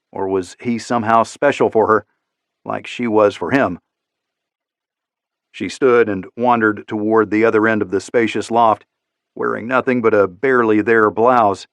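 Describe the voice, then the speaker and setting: A man reading an audiobook in steady, measured scripted narration. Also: lowish voice, no room sound.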